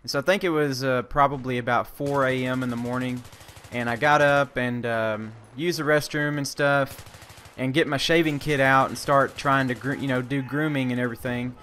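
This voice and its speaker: A man's voice: mid-range voice, steady tone, moderate pace, fairly bright tone, slight background noise. A man, an army veteran vlogger, telling a casual story, rambling with many fillers and restarts and casual swearing.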